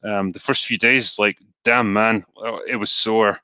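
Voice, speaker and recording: With a low, clear and resonant voice at a measured pace, a man from Scotland runs a live stream where he reads and replies to donations. He's relaxed and talkative, frequently saying um and going off on asides, in a dry recording.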